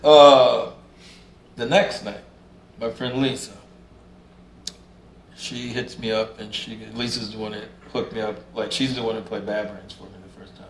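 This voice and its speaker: A man's voice: on the low side, fairly even intonation, unhurried, long pauses, slight background noise. A man telling stories in a casual interview, laid back, swearing freely and acting out what people said. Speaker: interview guest, musician. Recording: roomy room sound, faint ambience.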